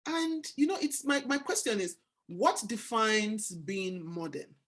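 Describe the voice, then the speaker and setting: A woman's voice: mid-range voice, a little slow. A woman from Nigeria with a Nigerian accent, hosting a casual book discussion and telling stories with acted-out exchanges. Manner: animated storyteller, acts out quoted exchanges. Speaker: book club host.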